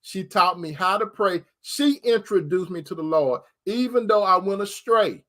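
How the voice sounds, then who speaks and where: Male preacher with a high voice, folksy and direct, chatty streaming sermon. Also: expressive, normal speed, sharp tone. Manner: folksy, repeats phrases for emphasis, addresses listeners directly. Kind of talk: informal preaching to an online audience.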